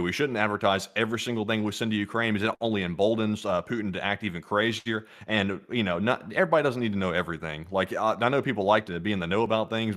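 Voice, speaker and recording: A man's voice: fairly low pitch, fairly bright tone, no room sound, studio quality. A man hosting a live-streamed news show, casually commenting and reading out viewer chats, with lots of fillers and restarts. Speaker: livestream news host.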